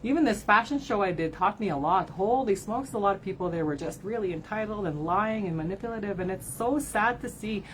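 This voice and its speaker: A woman's voice: medium pitch, expressive, brisk, few pauses, a little hiss or hum, rough recording. A woman giving a card reading to her followers, talking candidly, swearing and often tagging her sentences with "right?", at times close to tears. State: tearful at times. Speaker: card reader and spiritual advisor. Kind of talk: emotional livestream talk to followers.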